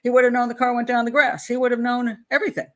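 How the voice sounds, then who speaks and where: A woman's voice: fairly high pitch, flat delivery, rapid-fire. Woman, profiler host; reads true-crime passages aloud, dramatizes quotes, loose conversational asides. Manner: chatty asides with restarts between read passages. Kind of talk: reading a true-crime book aloud with commentary.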